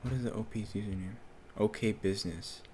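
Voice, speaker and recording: A man's voice: fairly low pitch, fairly even intonation, a little fast, warm tone, slight background noise. A man streaming from home, reading posts aloud and reacting in a loose, casual way, swearing freely and muttering to himself.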